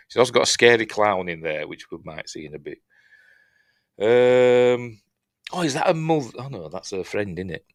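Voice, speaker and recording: A man's voice: low-pitched, sing-song, normal speed, a bit bright, no room sound, studio quality. A man with a Yorkshire accent hosting a casual, rambling film review, chatty and self-mocking with lots of fillers and restarts. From Yorkshire, England.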